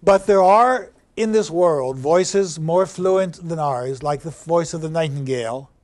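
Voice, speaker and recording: Male lecturer, slightly high voice, unhurried measured delivery, reads verse with rising stress. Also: a little mellow. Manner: slow, deliberate, reads verse aloud with rising emphasis. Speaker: university lecturer. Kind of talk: classroom lecture on poetry. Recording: 2009 classroom lecture recording.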